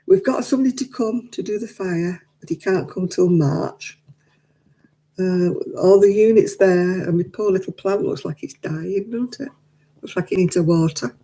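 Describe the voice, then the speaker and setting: Mellow-voiced woman chatting. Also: mid-range voice, creaky. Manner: chatty and rambling, laughs often. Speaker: craft live-stream host. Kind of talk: casual chat while knitting, reading viewer comments. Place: living room at home. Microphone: desk microphone.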